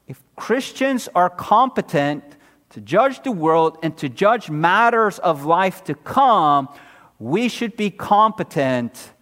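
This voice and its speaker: High-voiced preaching man in echoing hall. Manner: expository preaching with sarcastic rhetorical questions; swings between loud emphasis and low quiet drops. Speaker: pastor. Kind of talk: sermon.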